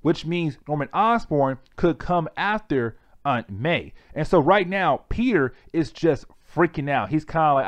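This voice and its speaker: A man's voice: on the high side, animated, unhurried, dry recording, dull audio. Chatty man recapping a comic, dry sound. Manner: chatty, repeatedly addresses viewers as guys. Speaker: comic book reviewer. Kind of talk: casual vlog plot recap.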